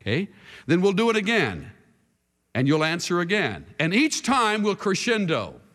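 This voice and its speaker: A man preaching a sermon to a congregation, dramatic, moving from hushed tones to shouting. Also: high-pitched, huge pitch swings, normal speed. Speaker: pastor. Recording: long reverb hall with faint music.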